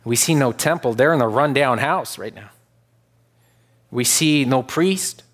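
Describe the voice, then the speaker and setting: A man preaching a sermon to his church, earnest, repeating himself as he builds to loud, emphatic peaks. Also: mid-range voice, a little slow. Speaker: pastor.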